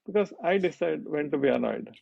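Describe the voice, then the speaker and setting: A man's voice: a little high, expressive, brisk, vocal fry, a little mellow, breathy edge, no echo, dull audio. A middle-aged man answering questions in a conversational Q&A, telling reflective, jokey stories. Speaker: guest speaker.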